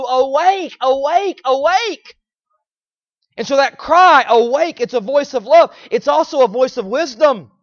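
High-voiced pleading preacher. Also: male voice, no room sound, dull audio. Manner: emphatic, repeats phrases, swings from loud pleading cries to low quiet lines. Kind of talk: sermon.

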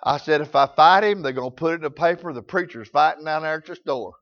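High-voiced preacher, lo-fi sound. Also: male voice, quick pace. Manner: folksy storytelling with rural grammar. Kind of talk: sermon.

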